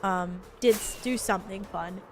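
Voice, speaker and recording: A young woman from Australia with a softened Australian accent, chatting casually with her live stream viewers, rambling and full of "like" fillers. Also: medium pitch, normal speed, soft background music. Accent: Australian, softened toward American.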